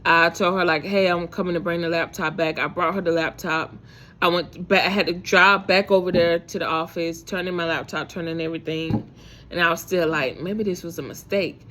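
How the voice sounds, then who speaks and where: A woman's voice: fairly low pitch, steady tone, fairly quick, fairly bright tone, slight background noise. Woman telling a story, rambling with fillers. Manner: rambling, many fillers and restarts. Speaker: vlogger. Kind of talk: casual faith storytelling to camera.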